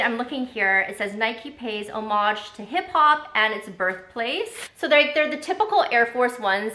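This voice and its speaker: A young woman from Canada chatting casually through a haul vlog, quick and full of ums and likes. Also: mid-range voice, sharp tone, roomy sound, poor audio. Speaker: vlogger.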